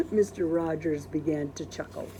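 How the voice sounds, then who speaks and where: A librarian reads a children's storybook aloud with gentle, expressive storytelling. Her pitch moves up and down a great deal, keeping the tale lively for young listeners. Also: slight background noise.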